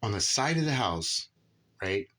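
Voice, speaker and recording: A man's voice: fairly low pitch, big pitch swings, unhurried, pushed and bright, slight background noise. A man rambling casually through a personal story about his son, filling his talk with "right?" and "dude". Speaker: father telling a personal story.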